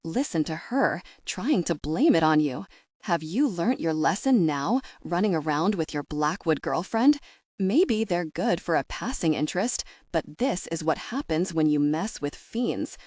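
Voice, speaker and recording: A woman narrator voicing a scornful young man in a storybook, slow and heavy. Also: lowish voice, animated, darkish tone, dry recording, clean studio sound.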